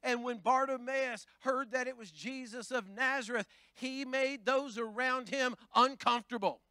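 A man pastor preaching a Pentecostal sermon, building from plain talk into shouting. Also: very high-pitched, measured pace, smooth, dry recording. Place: church sanctuary.

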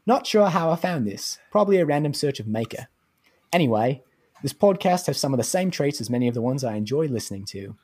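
A man's voice: medium pitch, big pitch swings, fairly quick, darkish tone, husky. A man reading a listener's review aloud in a put-on Australian accent, as the voice of an Australian male fan. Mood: cheerful.

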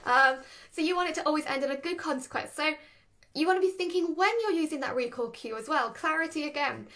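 A woman, a dog trainer, explaining dog training in a chatty, animated way and laughing between points. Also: sits high, fast. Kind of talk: casual instructional talk.

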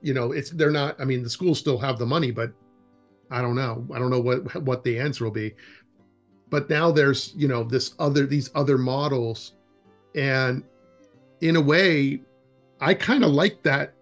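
With faint music in the background, an animated man, executive director of a wilderness education program, tells stories as an interview guest in a medium-pitched voice at a moderate pace. His casual storytelling is loose and rambling, full of restarts, and he acts out the dialogue he quotes.

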